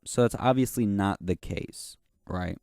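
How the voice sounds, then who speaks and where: A young man with a very low, deep voice rants on his solo podcast. He is slangy, boastful and profane, and his telling rambles. The sound is dry and close, with no room around it. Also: a little slow, darkish tone, clean tone, dry recording. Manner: rambling, keeps saying "you know what I'm saying". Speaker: podcast host. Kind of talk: casual solo podcast rant.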